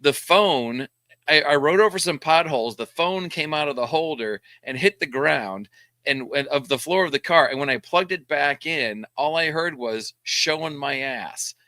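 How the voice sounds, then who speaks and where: A man's voice: a little high, moderate pace, pushed and bright, no echo. A man, a bit tipsy from whiskey, rambling and stammering as a guest in a casual live stream chat.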